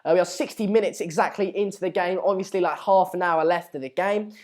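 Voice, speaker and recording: A man's voice: high-pitched, quick pace, a little mellow. Chatty man hosting a match stream. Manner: chatty, reads out viewer comments. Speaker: live stream host. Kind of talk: casual live match commentary.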